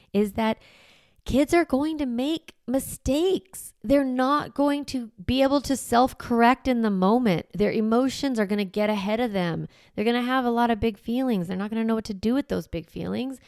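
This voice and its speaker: A parenting coach hosts her podcast in a fairly high, smooth voice with some vocal fry, recorded dry and at studio quality. She teaches conversationally, explaining things in a relaxed, reassuring manner and often tagging on "right?"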